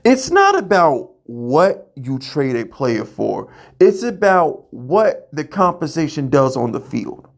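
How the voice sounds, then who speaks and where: A man's voice: fairly high pitch, sing-song, slow pace, creaky, hardly any pauses. A man hosting a fan show, ranting heatedly and profanely, often stammering and repeating words as he fires questions. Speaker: podcast host.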